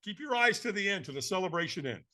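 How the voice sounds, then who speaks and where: A man who is a podcast guest, telling a story in an energetic, emphatic way and acting out the other people in it. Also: sits high, fast talker. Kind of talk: animated storytelling.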